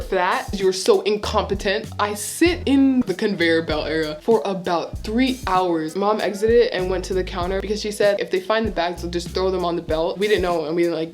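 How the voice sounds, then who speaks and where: Young woman, vlogger, casual storytime, sarcastic, exasperated, mid pitch, faint music behind.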